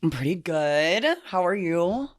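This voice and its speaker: A man's voice: a little high, a little slow. A man co-hosting a podcast in casual chat, answering with brief, teasing replies. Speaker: podcast co-host.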